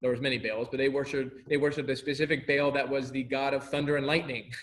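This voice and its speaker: A man teaching a casual Bible class, animated and laughing often, acting out the people he quotes. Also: mid-range voice, fast talker, slight background noise.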